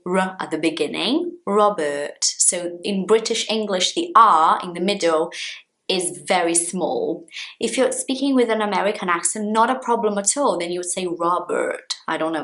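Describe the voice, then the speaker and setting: A Brazilian woman with a Brazilian Portuguese accent, teaching English pronunciation from home in a slow, emphatic way and demonstrating sounds. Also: mid-range voice, fairly bright tone. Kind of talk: pronunciation lesson to camera. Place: her home.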